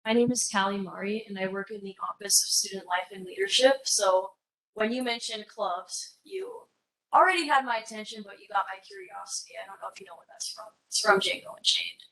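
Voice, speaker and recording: A woman's voice: mid-range voice, animated, brisk, gravelly, fairly bright tone, poor audio. A woman on a college's staff, asking a question at a public forum in a playful, wry way. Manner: playful, wry, drops pop-culture references.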